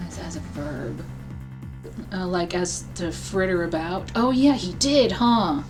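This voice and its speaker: A young woman streaming a game, reacting with playful quick asides, on a webcam mic. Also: lowish voice, lively intonation, over music. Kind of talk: casual let's-play commentary.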